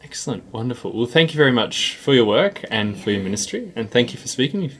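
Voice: medium pitch, very animated, quick pace, a bit bright, slight background noise. A radio interviewer asking questions and giving short encouraging replies. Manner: brief encouraging responses.

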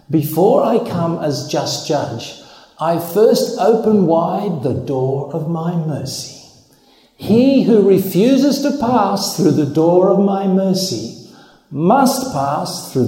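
A man's voice: fairly high pitch, warm tone. A man preaching a sermon in an emphatic, conversational way, with laughs and acted asides. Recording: echoey hall.

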